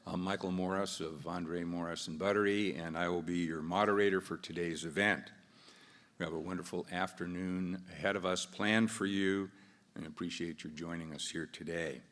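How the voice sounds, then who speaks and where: An American man moderates a business event in a large conference hall, giving easygoing opening remarks into a podium microphone, including a joke, with fillers and restarts. His voice is low-pitched and bright-ish, with fairly even intonation at a normal speed. The long reverb of the large hall is audible.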